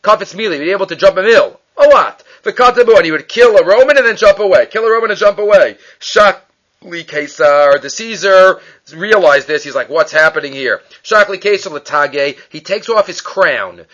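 A man teaching a Talmud lesson, reading Aramaic lines aloud and translating them into English with animated storytelling. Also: sits high, brisk. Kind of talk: daily page study lesson. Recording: dull lo-fi recording.

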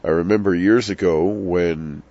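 Older man with a very deep voice. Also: steady tone, measured pace. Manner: warm storytelling with dry self-deprecating asides. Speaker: rabbi teaching about the Seder. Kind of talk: reflective spoken teaching. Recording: dull lo-fi sound.

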